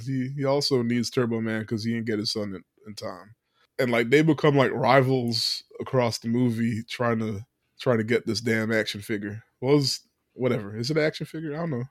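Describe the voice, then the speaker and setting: Male podcast host, mid-pitched, chatty recapper who laughs easily, dry sound. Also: no room sound. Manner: laughs often while recapping. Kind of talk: casual movie recap chat.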